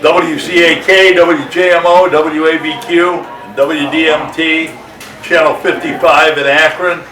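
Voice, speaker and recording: A cheerful man, a former radio salesman, rattles off his past jobs in a slightly high voice. He sounds distant from the camera, in an echoey room with crowd chatter. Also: flat delivery, unhurried, over music.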